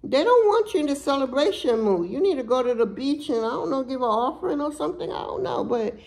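A woman's voice: sits high, animated, fast talker, creaky, a little mellow, poor audio. Blunt, profane woman doing a tarot reading. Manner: blunt, profane, emphatic street talk. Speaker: tarot reader.

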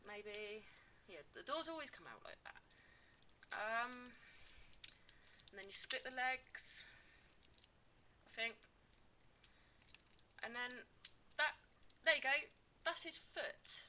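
A woman's voice: a little high, pushed and bright, slight background noise. A woman giving a casual, blunt toy review on a poor built-in microphone, swearing constantly and muttering as she handles the toy.

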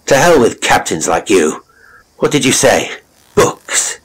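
A man voicing an excitable, sharp-minded male scholar who speaks with urgent eagerness. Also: low-pitched, moderate pace, gravelly, breathy edge, full character voice, poor audio. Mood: angry.

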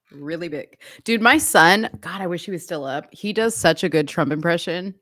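A woman's voice: on the low side, normal speed, fairly bright tone, dry recording, studio quality. A middle-aged woman co-hosting a casual online talk show, chatty and laughing often, on a video call. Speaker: podcast co-host. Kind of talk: casual chat.

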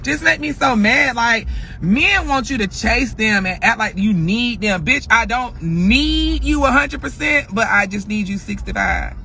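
A man livestreaming while driving, chatting in a sassy, loud and profane way, often calling his listeners girl. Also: extremely high pitch, measured pace, gravelly, poor audio. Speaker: livestream host. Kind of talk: casual chat while driving. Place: inside a car on the road. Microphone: phone on a dashboard holder. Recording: car and traffic noise. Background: road and traffic noise.

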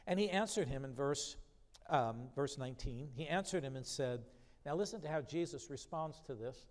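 A man's voice: medium pitch, animated, moderate pace. A man preaching a sermon, reading scripture aloud with rising emphasis and then explaining it in a conversational way. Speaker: pastor. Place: church sanctuary. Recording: long church reverb.

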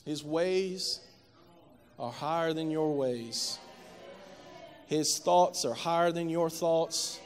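A man preaching a sermon as a pastor, telling a family story and building to loud, impassioned preaching. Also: on the high side. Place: church sanctuary. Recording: reverberant church hall.

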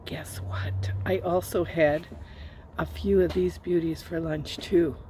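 A woman's voice: lowish voice, steady tone, takes it slowly, warm tone, a little hiss or hum. A woman hosting a casual garden vlog outdoors, playful and chatty. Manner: playful, whispers at times. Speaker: channel host.

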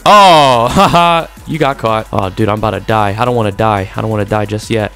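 A young man giving energetic, trash-talking commentary over his own gameplay, in casual slang. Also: on the low side, quick pace, creaky, faint music behind. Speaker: gaming YouTuber.

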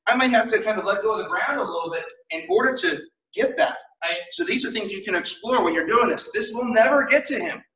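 Upbeat high-voiced martial arts instructor. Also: male voice, expressive, quick pace, bright, forceful tone, recorded from a distance. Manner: upbeat, encouraging, casual with fillers. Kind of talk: online class instruction, calling out drills. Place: martial arts studio, indoors. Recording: echoey studio, voice from off-mic.

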